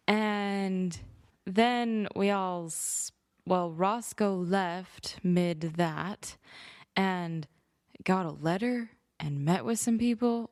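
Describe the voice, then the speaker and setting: A woman player recaps the last session in a casual, hesitant way. She rambles, correcting herself as she goes. She speaks slowly, and the sound is dry and close. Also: mid-range voice, no room sound.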